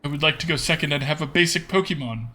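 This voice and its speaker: Young guy streaming a card game, kinda high voice, talks to himself a lot, lots of hmms and okays. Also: fast talker, bright, forceful tone. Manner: thinks aloud with murmured hmms and repeated okays. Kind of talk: casual live gameplay commentary.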